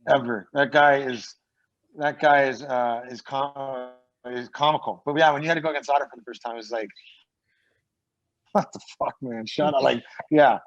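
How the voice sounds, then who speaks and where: A former pro hockey player, guesting on a podcast, spins loose, rambling stories, cursing freely and acting out what other people said. His mid-range voice holds a steady tone at a normal speed. The recording sounds dull and lo-fi.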